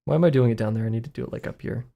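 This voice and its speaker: A young man with a Southern US accent and a gravelly, medium-pitched voice talks very fast, heard through narrow, tinny audio. An art streamer, he thinks aloud while drawing on a casual live stream, rambling, self-deprecating and chuckling often.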